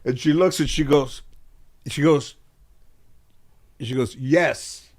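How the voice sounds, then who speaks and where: A man's voice: on the high side, fairly even intonation, slow pace, a little mellow. A middle-aged man from the Los Angeles area telling childhood stories in a casual interview, acting out his relatives' voices and swearing freely. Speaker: interview guest, comedian.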